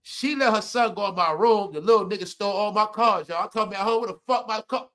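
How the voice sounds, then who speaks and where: Animated high-voiced man telling stories. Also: fairly quick. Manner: animated, swings between loud outbursts and low mutters; laughs often while telling stories. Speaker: live stream host. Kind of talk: casual storytelling to viewers.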